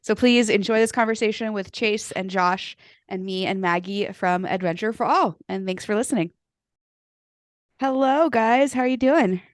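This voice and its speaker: A woman's voice: medium pitch, normal speed, dry recording, clean studio sound. A woman co-hosting a podcast, chatting casually with many ums and likes and reading out guest bios. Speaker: podcast co-host.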